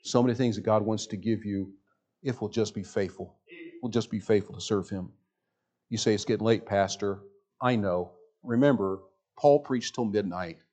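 A man preaching a sermon as pastor in a church, reading scripture slowly and swinging from loud emphasis to near-hushed speech. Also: fairly low pitch. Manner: reads scripture slowly and deliberately. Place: church sanctuary with a sound system.

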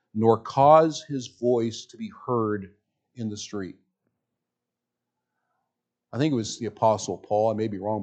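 A man preaching a sermon as pastor in a church, reading scripture slowly and swinging from loud emphasis to near-hushed speech. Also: mid-range voice. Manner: reads scripture slowly and deliberately. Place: church sanctuary with a sound system.

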